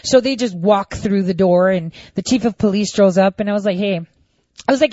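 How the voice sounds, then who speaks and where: A woman in casual monologue, talking straight to her viewers, jumping between voices as she acts out each side of the conversation. Her delivery is indignant and animated. The recording is dry and a little dull, with no room sound. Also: mid-range voice, quick pace, dry recording. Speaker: storyteller recounting a voting dispute.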